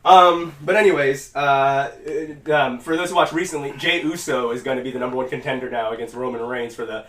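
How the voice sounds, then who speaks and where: A man's voice: mid-range voice, a little fast, few pauses. Rambling man on an echoey podcast. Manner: rambling, profane, animated when quoting. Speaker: podcast host. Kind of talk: casual podcast chat. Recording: echoey room, mic at a distance.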